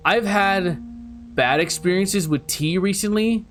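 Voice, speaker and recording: Lively, playful gaming host man. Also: high voice, moderate pace, over music. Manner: playful, teasing, jokes to viewers. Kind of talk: casual let's-play commentary.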